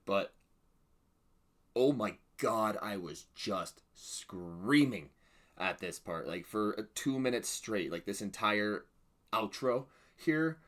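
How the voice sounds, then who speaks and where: A man hosting a reaction and review video, excitable and prone to loud exclamations. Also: lowish voice, slow pace. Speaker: reaction channel host.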